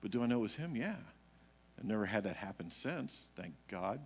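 A man's voice: on the low side, big pitch swings, fairly quick, a little hiss or hum. A man, a worship leader, telling a rambling personal testimony to a church congregation, full of fillers like "you know". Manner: rambling storytelling, heavy on fillers. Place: church sanctuary. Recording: live church stream with long hall reverb.

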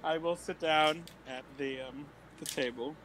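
A man with a fairly high voice plays his character in a tabletop game, hesitant and halting, stumbling over his words and laughing often. Faint noise hums behind him. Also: fairly even intonation, fairly bright tone. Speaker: player.

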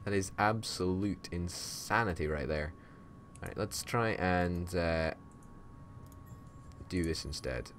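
A man's voice: sits low, slow, long pauses, slight background noise. A man hosting a gaming channel, chatting casually and wryly as he plays, often laughing and grumbling. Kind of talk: casual gameplay chat.

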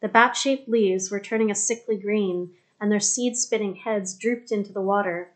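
A woman narrating an audiobook in a steady, even storytelling manner. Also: mid-range voice, normal speed. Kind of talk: scripted narration.

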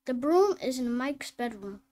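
A woman reading phonics drills and simple sentences aloud, slow and deliberate, word by word. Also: high voice, expressive, a little mellow. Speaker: phonics teacher.

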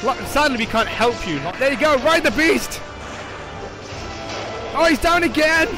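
A young man hosting a gaming channel, giving excitable, joking, profane commentary as he plays online with teammates. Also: extremely high pitch, measured pace. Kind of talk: live gameplay commentary. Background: game music.

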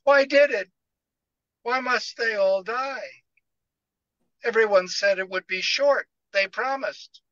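A distraught housemaid, her voice climbing high and cracking through sobs as she pleads in plain working-class speech, as a male reader puts her on. It has a dull, lo-fi sound. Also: slow, long pauses, bright, forceful tone, recorded from a distance, heavily acted. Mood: anguished. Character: grieving female London housemaid, tearful and distraught.

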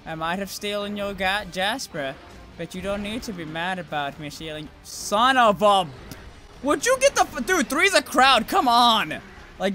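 A young man commentating his own gameplay, rambling to himself and cursing loudly at the monsters. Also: sits high, big pitch swings, normal speed, soft background music. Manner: profane, rambling, yells at monsters.

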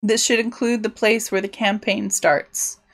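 A woman's voice: medium pitch, little pitch movement, unhurried, fairly bright tone. A woman live-streaming as she builds a tabletop game world, musing aloud in a rambling, self-interrupting way. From United Kingdom. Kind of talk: casual thinking-aloud livestream.

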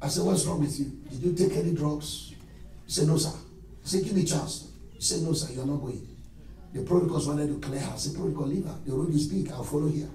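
A man preaching an animated sermon as pastor, swinging between shouted lines and low asides. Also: quick pace, slight background noise. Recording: echoey church hall from far off, with music.

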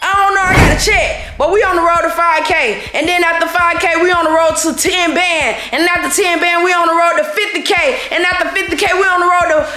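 A woman vlogger, out of breath, excitedly hyping her viewers in slangy talk. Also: very high-pitched, a little fast, hardly any pauses, roomy sound, soft background music. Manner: hyped, slangy, shouting to viewers. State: out of breath, sweating. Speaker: vlogger pulling a prank. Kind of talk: excited vlog outro.

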